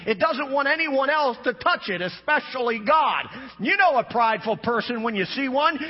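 High-voiced preaching man, husky, lo-fi. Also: lively intonation, normal speed, few pauses. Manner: preaching with rising shouts and dropping to low emphatic asides. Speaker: pastor. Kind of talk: sermon.

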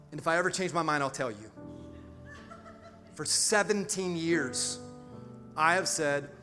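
A middle-aged male pastor preaching a sermon with call-and-response asides and sudden swings from quiet to loud. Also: a little high. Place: large church hall. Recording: reverberant church hall with music.

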